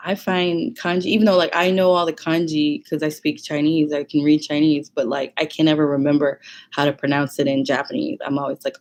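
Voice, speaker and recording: A woman with a fairly low voice tells a story casually to camera. She is animated and leans on fillers, often laughing mid-sentence. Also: brisk. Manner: animated, many fillers, laughs while talking. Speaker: vlogger.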